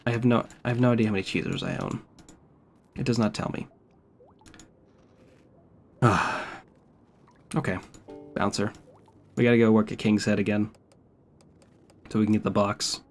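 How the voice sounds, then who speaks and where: A man's voice: on the low side, expressive, a little slow, long pauses, a little hiss or hum. Laid-back, swearing male streamer. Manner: profane, wry and laid-back. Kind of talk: casual gameplay commentary.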